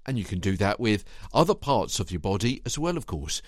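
A man hosting his own podcast, coaching listeners through voice warm-up exercises in a lively, sing-song way. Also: a little fast, no echo, studio quality. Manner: lively, sing-song delivery with big pitch swings. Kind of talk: solo instructional podcast.

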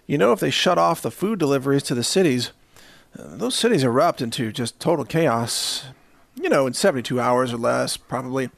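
A man's voice: medium pitch, expressive, brisk, vocal fry, dry recording. A man from the Southern US hosting a ranting monologue, sarcastic and chuckling between jabs. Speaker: host.

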